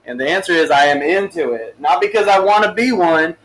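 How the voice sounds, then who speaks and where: Easygoing podcast host, slightly high voice. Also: male voice, fairly quick, fairly bright tone, rough recording. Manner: easygoing, agreeable, frequent backchannel and laughter. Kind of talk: casual podcast chat.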